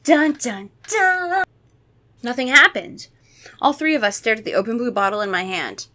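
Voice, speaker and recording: A woman's voice: medium pitch, animated, brisk, pushed and bright. A woman reading a children's horror book aloud for comedy, breaking off into sarcastic, swearing asides. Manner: sarcastic, swears, shifts between reading and riffing.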